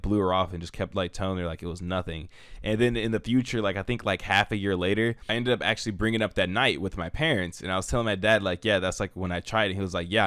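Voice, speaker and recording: Young male vlogger, deep voice, dry close sound, rambling casual storytime delivery. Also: a bit bright, smooth, dry recording. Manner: rambling, filler-heavy, frequent "like" and "bro". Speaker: YouTuber. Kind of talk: storytime vlog.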